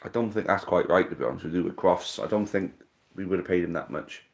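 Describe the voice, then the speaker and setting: A man's voice: low voice, fast. A man from Wales hosting a casual live fan stream, reading out viewer comments and answering them bluntly, with casual swearing.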